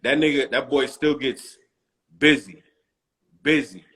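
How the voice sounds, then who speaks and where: A man's voice: mid-range voice, measured pace, fairly bright tone. A middle-aged man from Long Island, a rapper guest, telling loose stories in casual interview chat and often asking "you know what I'm saying". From Long Island, New York.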